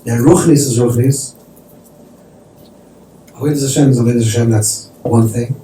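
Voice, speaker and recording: Distant rabbi in an echoey room. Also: male voice, mid-range voice, fairly even intonation, moderate pace, warm tone. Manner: conversational teaching, sprinkled with Yiddish and Hebrew terms. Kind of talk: sermon storytelling. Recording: distant mic in an echoey room with faint noise.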